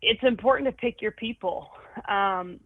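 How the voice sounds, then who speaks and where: A woman's voice: medium pitch, moderate pace, no echo. A woman talking frankly and with self-mocking humour as a guest, often restarting her sentences. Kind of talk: candid conversation about anxiety. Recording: tinny phone-like line, dry.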